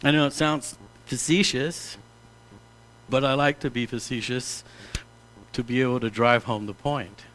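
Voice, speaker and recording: A middle-aged man preaching a sermon as pastor, animated and direct, slipping into mock-pompous prayer voices to make a point. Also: mid-range voice, a little slow, pauses often.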